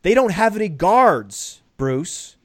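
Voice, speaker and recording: A man hosting a podcast in casual analytical chat, brisk and stats-heavy with jokes thrown in. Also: sits high, very animated, dry recording, studio quality. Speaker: podcast host.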